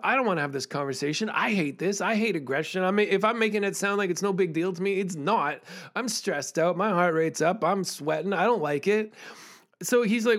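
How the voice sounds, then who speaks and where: A man's voice: sits high, expressive, a little fast, fairly bright tone. A man hosting a podcast, telling a personal story in a casual, candid way with fillers and the odd swear. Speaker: podcast host.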